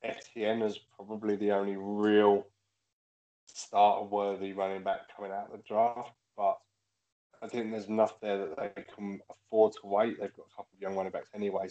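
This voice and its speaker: Man, low voice, tipsy, teasing, casual podcast chat, dull lo-fi sound. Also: completely flat delivery, moderate pace, dark tone. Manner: joking, teasing. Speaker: podcast co-host.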